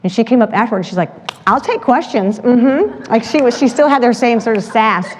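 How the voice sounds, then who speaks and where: A woman giving a presentation with slides, telling stories in a lively way and acting out the voices of the people she quotes. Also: a little high, fairly quick. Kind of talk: animated storytelling talk with slides. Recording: long hall reverb.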